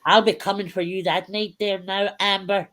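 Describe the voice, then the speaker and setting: A woman's voice: mid-range voice, little pitch movement, moderate pace, fairly bright tone. A woman guest in a casual group chat, teasing the others playfully and often stopping to restart what she says.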